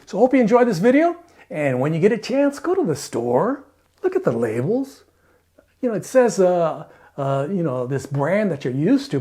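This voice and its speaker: A man vlogs in a rambling, sarcastic way, chuckling at his own points. His pitch swings widely from phrase to phrase. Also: dark tone. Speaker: RV channel vlogger. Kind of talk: casual opinion monologue.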